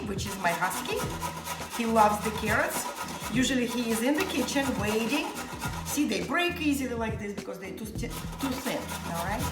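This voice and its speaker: An encouraging, chatty woman hosts a cooking demonstration in her home kitchen. Her voice sounds roomy and picked up from a distance, with loud music playing underneath and food sizzling in the pan. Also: a little high. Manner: upbeat, encouraging, chatty teacher. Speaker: cooking show host. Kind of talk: cooking demonstration with mini language lessons. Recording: echoey kitchen, camera mic far off, loud music. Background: loud background music and sizzling pan.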